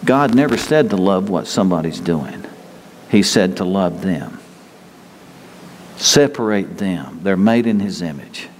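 A man preaching a sermon in a repetitive, emphatic way, climbing higher and louder as he gets stirred. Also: lively intonation, unhurried. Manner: emphatic, repetitive, rises in pitch and force when stirred. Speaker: pastor. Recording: reverberant hall with faint noise.

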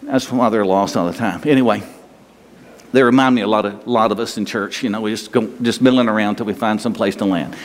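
A man's voice: on the low side, steady tone, fairly quick. Folksy preacher man in a reverberant hall. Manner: folksy, rambling with restarts and chuckles. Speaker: pastor. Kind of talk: sermon.

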